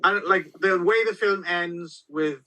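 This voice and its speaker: A man with a very bright, fairly high voice co-hosting a film podcast. He talks in animated runs and keeps checking in with "right?". His chat is loose and conversational. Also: measured pace, poor audio. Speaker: podcast co-host. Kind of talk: casual chat.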